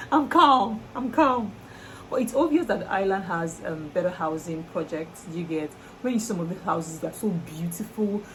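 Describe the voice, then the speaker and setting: Young Nigerian woman vlogger, animated and expressive, light background noise. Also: on the low side, a little fast, hardly any pauses, rough recording. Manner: lively, exclamatory, laughing. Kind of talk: casual chat to camera.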